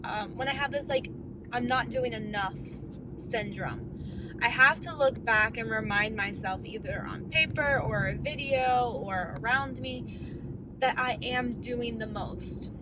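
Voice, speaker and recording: A woman's voice: a little high, unhurried, noisy background. A woman in her thirties in a casual, candid vlog rant, rambling as she coaches herself through her thoughts. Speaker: vlogger.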